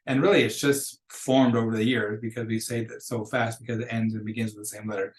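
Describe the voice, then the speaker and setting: A man's voice: medium pitch, level tone, fairly quick, few pauses, echoey room. A man teaching a recorded lesson for students, patiently explaining with examples and repeating phrases. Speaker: Spanish teacher.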